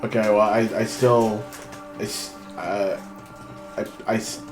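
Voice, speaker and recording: A man's voice: fairly low pitch, steady tone. A man playing a tabletop game, stumbling over his words as he describes his character's actions. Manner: halting, repeats himself as he speaks in character. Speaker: player. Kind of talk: casual tabletop play. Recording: roomy sound with background music.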